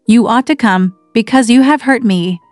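A woman's voice: fairly high pitch, moderate pace, darkish tone, no room sound, studio quality, soft background music, natural voice. A woman reading the part of a sickly, petulant teenage boy in a storybook reading. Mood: peevish. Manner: petulant and complaining.

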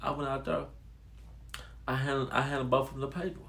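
A man casually telling a personal story to his viewers, animated and addressing them as y'all. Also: mid-range voice, moderate pace, gravelly. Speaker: storytelling vlogger.

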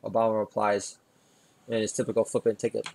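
A man's voice: little pitch movement, fairly quick, gravelly. A middle-aged man hosting his own podcast, talking through a rambling comedic monologue with many filler sounds. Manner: shifts into loud high-pitched ranting bits, then mumbly asides full of uh. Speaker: podcast host and stand-up comedian.

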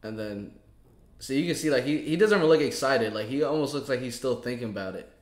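A man's voice: medium pitch, animated, fast, roomy sound. A man reacting to a clip in casual commentary, talking straight to his viewers. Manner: chatty, talks straight to viewers. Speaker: reaction video host.

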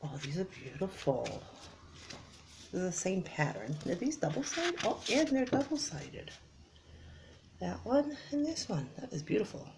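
A tired woman chatting casually in a soft, low-energy voice as she unboxes craft supplies, sometimes dropping to a whisper. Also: big pitch swings, measured pace, vocal fry, noisy background. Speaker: crafting vlogger.

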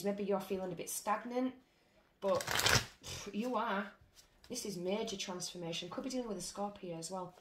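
A British woman doing a casual tarot reading, blunt, chatty and full of swearing. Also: mid-range voice. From Britain. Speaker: tarot reader. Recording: roomy with faint noise.

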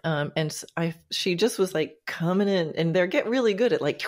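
Chatty woman podcast host, low voice. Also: expressive, moderate pace. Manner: enthusiastic, many fillers and restarts. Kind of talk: casual conversational interview.

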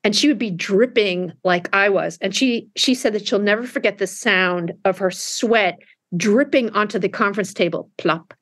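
A middle-aged woman author being interviewed, telling candid stories in a lively way with frequent restarts. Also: mid-range voice, normal speed, no room sound, studio quality. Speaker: author guest. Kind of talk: conversational interview.

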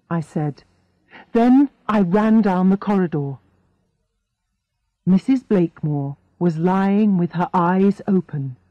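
A woman reads a story for English learners clearly and deliberately. She speaks slowly with a lively, expressive pitch. The recording is dry and a little dull. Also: no room sound. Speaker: narrator. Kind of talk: scripted audiobook narration for English learners.

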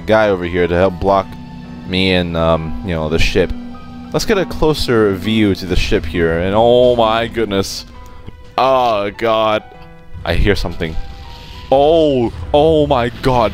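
A young man giving gameplay commentary, excitable and swearing, swinging from muttered asides to shrieks. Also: mid-range voice, normal speed, soft background music. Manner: excitable, swearing, jumping from mumbles to yelps. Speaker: gaming YouTuber.

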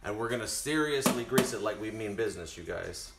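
Cooking live in his home kitchen, a man chats straight to his viewers in a casual stream. His gravelly, fairly low voice has lively intonation and a slightly fast pace, with roomy sound over loud music.

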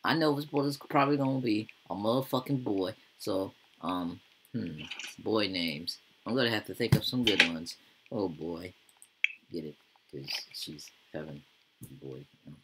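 Gaming YouTuber, man, low gravelly voice, loose profane slangy commentary. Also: moderate pace, background noise. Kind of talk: casual gameplay commentary.

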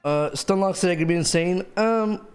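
A man's voice: high-pitched, brisk, soft background music. A man streaming live and chatting with his viewers, rambling and venting with lots of fillers and swearing. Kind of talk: casual chat to stream viewers.

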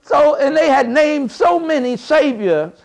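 A man giving an impassioned lecture to a live audience, speaking in a folksy, colloquial way and rising to shouted emphasis like a preacher. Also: very high-pitched, expressive, a little slow, vocal fry. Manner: folksy, colloquial, with double negatives.

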